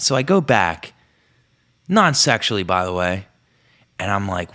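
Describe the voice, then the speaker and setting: Young guy on a podcast mic, lowish voice, rambly and sweary, goes way up when quoting himself. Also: very animated, brisk, fairly bright tone. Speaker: podcast host. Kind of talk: casual comedic storytelling monologue. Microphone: podcast microphone.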